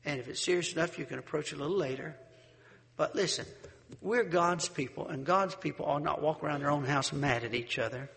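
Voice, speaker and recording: A preacher giving a sermon, folksy and animated, telling a story and acting out the people in it. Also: male voice, a little high, a little fast, vocal fry, big-room sound. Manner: folksy, animated storyteller who acts out voices.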